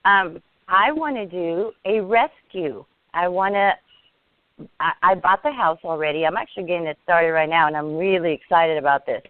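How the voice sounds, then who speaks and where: A woman's voice: fairly low pitch, no echo. Earnest woman guest on a phone line. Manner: earnest, halting, with frequent restarts. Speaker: interview guest. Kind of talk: casual interview chat. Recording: tinny dry phone line.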